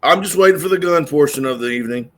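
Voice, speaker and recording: A man's voice: on the high side, fast. A man in casual podcast chat, laid-back and hesitant, with dry humor.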